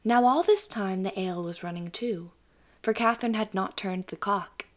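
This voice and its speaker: Calm woman reading a bedtime story. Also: medium pitch, moderate pace. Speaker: audiobook narrator. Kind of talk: scripted bedtime story narration.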